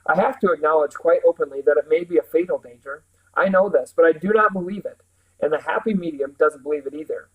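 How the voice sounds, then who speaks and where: A man's voice: a little high, fast talker, narrow, tinny audio, lightly acted. A man reading aloud and voicing a stern, wise otherworldly woman who speaks formally and with measure.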